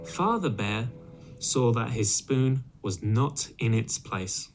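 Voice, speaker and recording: A man reading a children's story aloud, clearly and expressively, for English learners. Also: lowish voice, slow, a little hiss or hum.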